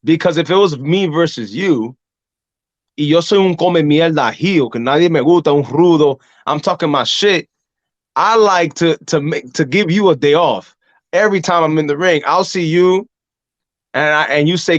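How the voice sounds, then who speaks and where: A man hosting a wrestling podcast, telling ring stories in a casual, animated way and acting out voices from the crowd. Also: fairly high pitch, moderate pace, no echo, lo-fi sound. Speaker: podcast host and pro wrestler. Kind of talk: casual conversation.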